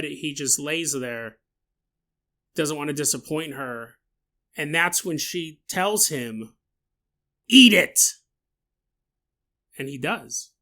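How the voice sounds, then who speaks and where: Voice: mid-range voice, sharp tone. A podcast host telling a story casually, laughing often and breaking into mock outrage and silly voices for the people in it. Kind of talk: casual storytelling with comic asides.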